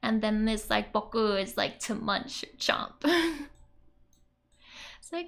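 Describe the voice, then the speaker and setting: This is a relaxed language lesson narrated over the screen by a woman who giggles and laughs a lot as she chats through the explanations. Her voice is fairly high and creaky, and she speaks slowly with frequent pauses.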